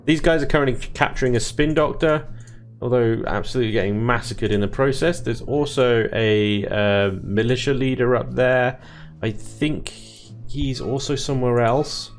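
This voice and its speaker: A man casually commentating his strategy game play, chatty, self-deprecating and quick to laugh. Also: lowish voice. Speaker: let's play host.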